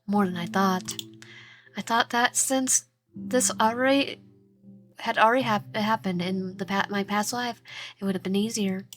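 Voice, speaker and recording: Woman reading as a despairing drunk male god. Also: close to an everyday voice. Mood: anguished. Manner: halting, lower and hushed, slipping into whispers. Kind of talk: reading a game character's lines aloud.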